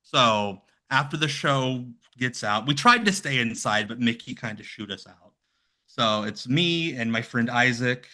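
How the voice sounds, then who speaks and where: A man's voice: mid-range voice, unhurried. A man in his thirties, a podcast guest telling stories casually and animatedly, with a lot of "like" in his speech. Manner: animated, heavy use of "like". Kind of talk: casual storytelling.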